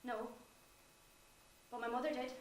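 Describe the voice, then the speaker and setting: A woman with an Irish accent playing a young wife and mother in a stage play, singing a lullaby and asking quick, probing questions. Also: on the high side, fairly even intonation, a little hiss or hum, lightly acted. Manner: quick, questioning, sing-song. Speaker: stage actor. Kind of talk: chanted and sung lullaby. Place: theatre stage. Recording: echoey stage from far off.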